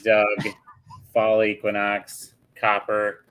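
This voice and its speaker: Low-voiced dude co-hosting, dry jokey banter, reads off guest names. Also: male voice, monotone, slow pace, fairly bright tone, smooth. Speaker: podcast co-host. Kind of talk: casual chat.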